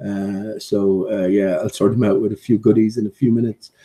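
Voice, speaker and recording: A man's voice: on the low side, flat delivery, normal speed, warm tone. A man chatting casually in a vlog, rambling with many fillers and restarts and playfully scolding his dog between thoughts. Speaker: vlogger.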